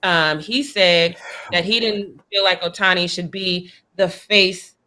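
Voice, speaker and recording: Bright-voiced woman sports co-host. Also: lowish voice, fairly even intonation, takes it slowly. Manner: opinionated, emphatic. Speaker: podcast co-host. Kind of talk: casual sports chat.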